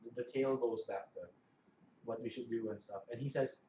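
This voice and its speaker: A man's voice: mid-range voice, fairly even intonation, brisk, mellow, lo-fi sound. A man running a tabletop game as game master, rambling and laughing as he narrates. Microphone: camera mic. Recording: roomy, distant camera mic with faint noise.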